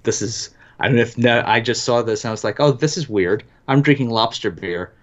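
Wry man on a dull lo-fi mic. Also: mid-range voice. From New Jersey, US. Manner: wry, quick asides. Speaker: podcast co-host. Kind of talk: casual chat.

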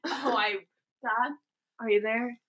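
A woman's voice: a little high, fairly even intonation, slow, crowd noise. A teenage girl co-hosting a podcast, telling stories in a giggly, teasing way. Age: teens. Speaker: podcast co-host. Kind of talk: casual chat.

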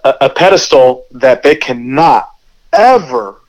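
A man's voice: mid-range voice, lively intonation, a little slow, a little mellow, low-quality recording. A male podcast guest and former seminarian, talking frankly and earnestly in casual conversation, with a lot of "you know".

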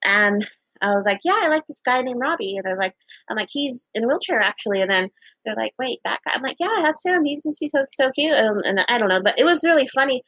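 A young woman casually telling a story to her viewers, chatty and laughing often, acting out what people said with big jumps in pitch and casual swearing. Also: expressive, quick pace, a bit bright, no echo, low-quality recording.

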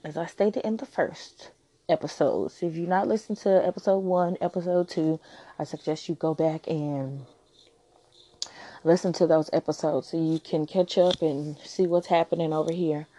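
A woman's voice: low voice, steady tone, normal speed, warm tone. A woman hosting a relationship advice podcast, talking frankly and teasingly in a casual monologue.

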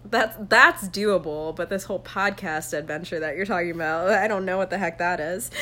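A young woman co-hosting a podcast in casual chat, chatty and quick to laugh. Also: on the low side, bright, forceful tone. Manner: giggly, chatty, laughs often. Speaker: podcast co-host.

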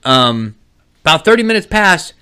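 A man's voice: on the high side, big pitch swings, normal speed, sharp tone, smooth. A man co-hosting a casual podcast, ranting heatedly and swearing a lot. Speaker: podcast co-host.

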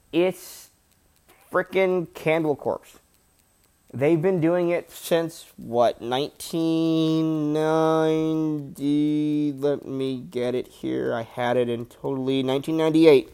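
A man's voice: fairly high pitch, fairly even intonation, slow pace, a little mellow, clean tone. Rambling casual man reviewing an album. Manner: rambling, repeats himself, casual slang. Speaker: music reviewer.

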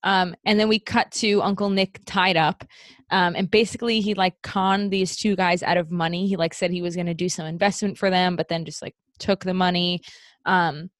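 A woman in casual podcast chat, chatty and quick to laugh, retelling a film's scenes. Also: lowish voice, fairly even intonation, no room sound, studio quality. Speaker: podcast co-host. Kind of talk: casual movie recap chat.

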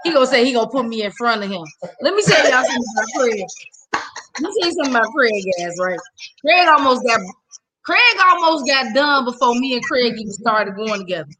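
A woman in a casual, joking chat, a lively storyteller who swears and gets loud. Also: on the high side, quick pace. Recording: crowd noise behind.

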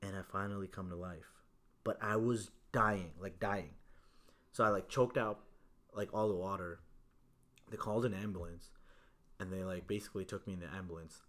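A man's voice: sits low, a bit bright. A young man telling a story in casual chat, laid-back and swearing freely, with lots of "like" and "bro".

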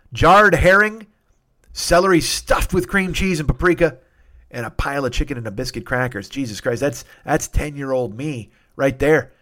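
Brief: middle-aged male host, mid-pitched, swears constantly, excitable and rambling. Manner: profane, excitable storyteller. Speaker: podcast host. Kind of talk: rambling comic monologue.

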